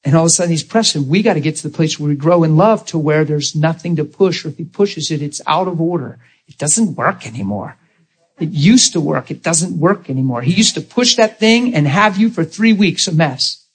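A man preaches a sermon, his voice a touch high and husky. He talks in a folksy, storytelling way and slips into the voices of the people he describes. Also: brisk.

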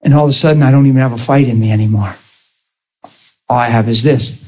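A man preaching a sermon, telling a personal story with passion and a voice that swings high and low. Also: fast, slightly rough, lo-fi sound.

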